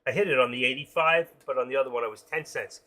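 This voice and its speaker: A man's voice: medium pitch, quick pace, pushed and bright. A middle-aged man, talking through his trades on a live stream. He thinks aloud and rambles, joking as he goes. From New York. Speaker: day-trading live streamer.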